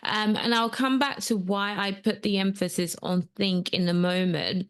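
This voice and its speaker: A woman's voice: mid-range voice, fairly even intonation, moderate pace, clear, resonant tone. A woman hosting a solo coaching podcast, talking casually with frequent ums and rambling asides. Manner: chatty, rambling, with many ums. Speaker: podcast host and transformational coach. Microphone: camera setup at home.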